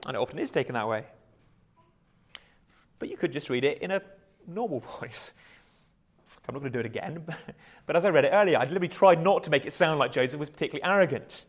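A man's voice: fairly high pitch, expressive, fast talker, pauses often. A man preaching a conversational sermon, often restarting words and chuckling lightly.

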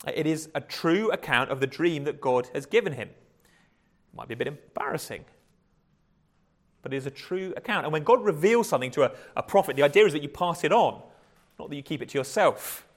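A man's voice: a little high, lively intonation, brisk. A man preaching a conversational sermon, often restarting words and chuckling lightly.

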